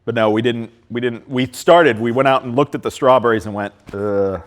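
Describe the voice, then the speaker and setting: Fifties Ohio man, park director, plain-spoken and animated speaker, mid-pitched, talking to a room. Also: brisk. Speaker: park system director giving a leadership talk. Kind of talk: speaking to a live audience.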